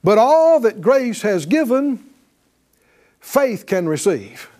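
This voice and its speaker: High-pitched preacher guy, lively sermon, slow deliberate delivery, lots of call and response. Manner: animated, call-and-response, laughs often. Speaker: pastor.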